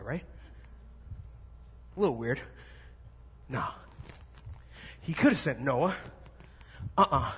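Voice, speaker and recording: Animated pastor in an echoing hall. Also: male voice, a little high, breathy edge. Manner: animated storytelling, drops to soft, slow intensity. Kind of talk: sermon. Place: church sanctuary. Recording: echoey hall, faint room noise.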